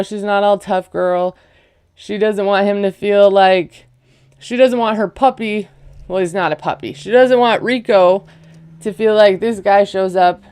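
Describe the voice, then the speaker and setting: A woman with a clear, resonant, slightly mellow mid-range voice casually recaps a reality show episode. A parent who vlogs recaps, she rambles and leans heavily on fillers, peppering her speech with "like" and "you know."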